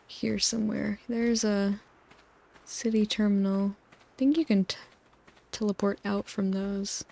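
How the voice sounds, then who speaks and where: Soft-spoken young woman, sleep rambling. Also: medium pitch, steady tone, a little slow, vocal fry. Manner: gentle, meandering, with frequent "like" fillers. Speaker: sleep video creator. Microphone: close microphone.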